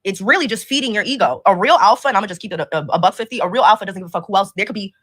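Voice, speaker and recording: A woman's voice: mid-range voice, fairly bright tone. A woman guest arguing insistently in a heated podcast debate, often restarting her words. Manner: fast, insistent, restarts when pressed.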